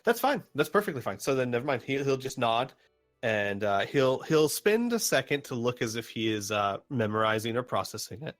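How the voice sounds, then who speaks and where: A man's voice: medium pitch, big pitch swings, a little fast, a bit bright, faint music behind. A man playing a tabletop game over an online call. He talks hesitantly and politely, in a mid-range voice. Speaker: player. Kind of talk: casual chat in a tabletop game.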